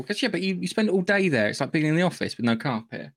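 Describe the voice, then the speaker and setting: A man's voice: fairly high pitch, sing-song, quick pace. A man co-hosting a podcast in casual chat, wry and teasing. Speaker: podcast co-host.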